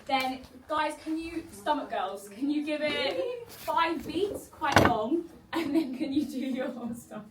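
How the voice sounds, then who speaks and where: A woman directs a group and gives them instructions in a high voice. She is recorded from far off in an echoey room, and loud noise runs behind her. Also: expressive, slow pace. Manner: giving instructions.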